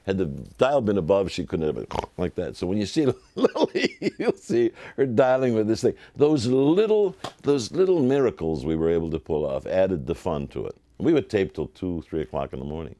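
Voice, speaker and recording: An older man, a television producer, telling lively anecdotes in an interview and acting out the voices of people he quotes. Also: low voice, moderate pace, hardly any pauses, no echo. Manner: animated, acts out quoted voices.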